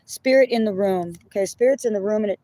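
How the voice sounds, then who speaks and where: A woman's voice: medium pitch, fast talker, warm tone, no room sound. A woman giving a collective tarot reading in casual talk, blunt and often apologizing, swearing when she gets upset. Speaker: tarot reader.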